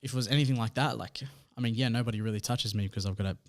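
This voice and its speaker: An Australian man speaks at a middle pitch with an easy, laid-back delivery, leaning on fillers as he talks things through. His voice is recorded close and dry, with no room sound. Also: very fast, no room sound. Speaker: podcast co-host. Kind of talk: casual podcast chat.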